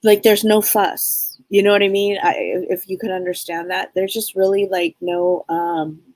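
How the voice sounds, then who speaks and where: A woman giving a psychic reading on a live stream, talking in a rambling, halting way with many restarts. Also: mid-range voice, flat delivery, a little mellow, dry recording. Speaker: psychic medium.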